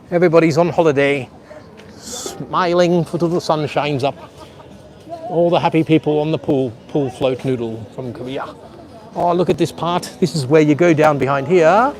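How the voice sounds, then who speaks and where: A man's voice: on the high side, moderate pace, a little mellow. Man, livestream vlogger, rambling chatty commentary, outdoors by a pool, phone mic, faint background music. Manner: chatty, rambling, addresses viewers at home. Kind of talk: live walking tour commentary. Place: outdoor beach resort pool area. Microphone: handheld phone camera.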